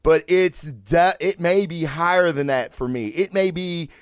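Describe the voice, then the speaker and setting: A man's voice: fairly high pitch, a little slow, clear, resonant tone, no room sound, studio quality. A man hosting his own podcast, ranting casually with lots of swearing and restarts. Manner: profane, animated, rambling with restarts. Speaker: podcast host. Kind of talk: casual solo podcast rant.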